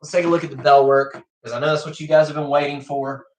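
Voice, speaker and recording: Chatty man teacher, fairly high voice, livestream lesson in an echoey room. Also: level tone, fast talker, darkish tone, slight background noise. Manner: chatty, keeps checking in with okay.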